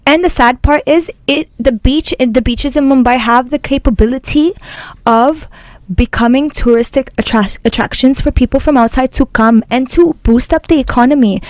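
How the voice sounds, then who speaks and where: A young woman with a fairly high voice speaks as an interview guest, earnest and indignant, pausing on fillers. Her voice sounds dry and close. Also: darkish tone, dry recording. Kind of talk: casual interview chat.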